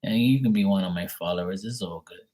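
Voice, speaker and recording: A man's voice: deep voice, quick pace, mellow, husky. A man ranting casually and bluntly as a tarot reader from Bermuda, swearing freely and mocking scammers in their own voices.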